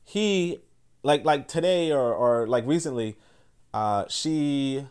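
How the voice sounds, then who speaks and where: A man's voice: mid-range voice, expressive, takes it slowly, darkish tone, clear, resonant tone. A man hosting a podcast, talking in a loose, rambling monologue full of fillers and restarts, acting out other people's words as he goes. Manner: acts out others' words in quoted asides. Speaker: podcast host. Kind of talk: casual monologue commentary.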